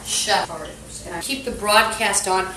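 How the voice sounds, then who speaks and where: A woman's voice: medium pitch, unhurried, echoey room, very noisy. A woman on a phone live stream, talking in an agitated, rambling monologue full of profanity. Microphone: phone streaming app.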